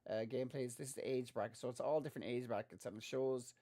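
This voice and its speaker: A man co-hosting a gaming podcast, chatting casually and telling animated stories. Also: medium pitch, quick pace. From Ireland. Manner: chatty, animated storytelling with laughs. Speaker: podcast co-host. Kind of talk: casual chat.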